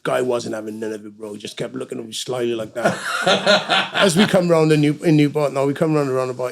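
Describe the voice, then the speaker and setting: A man's voice: mid-range voice, fairly even intonation, quick pace, gravelly. A middle-aged man, telling a story as a guest in a casual interview, swearing freely and acting out the voices of the people he quotes. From Wales. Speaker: guest musician.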